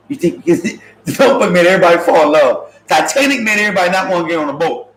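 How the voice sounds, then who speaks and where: A man's voice: high-pitched, expressive, fast talker, few pauses, fairly bright tone, reverberant, slight background noise, poor audio. A man telling funny stories in a casual talk show, joking and acting out the voices of people he quotes. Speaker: podcast host. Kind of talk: casual comedic storytelling.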